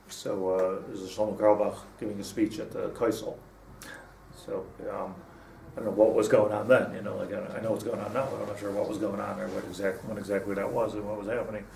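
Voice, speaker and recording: A man's voice: fairly low pitch, gravelly, a little mellow. A man teaching a casual Torah class, rambling with many restarts and mixing in Hebrew terms. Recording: echoey room, mic at a distance, faint hum.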